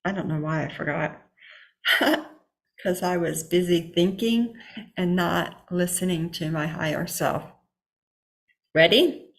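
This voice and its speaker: A woman's voice: lowish voice, slow, creaky, long pauses. A woman leading an online spiritual healing circle, encouraging and affirming, repeating key phrases. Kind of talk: spiritual guidance talk. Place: home, online session.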